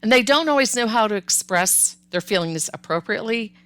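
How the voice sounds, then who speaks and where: A woman's voice: fairly high pitch, expressive, brisk, fairly bright tone, smooth, no room sound. A woman hosting a parenting podcast, giving upbeat, conversational advice and sometimes acting out what parents and children say. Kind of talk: solo podcast advice talk.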